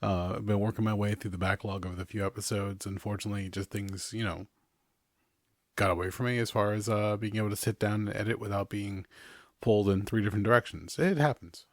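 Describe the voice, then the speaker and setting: A man's voice: fairly low pitch, steady tone, fairly quick, no room sound, studio quality. A man hosting a podcast in a casual, rambling chat, often chuckling between his remarks. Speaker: podcast host.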